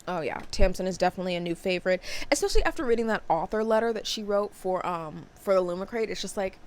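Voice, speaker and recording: A young woman vlogging about books in a casual, expressive way, with sarcastic asides and casual swearing. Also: mid-range voice, fast, few pauses. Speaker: book vlogger. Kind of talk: casual chat.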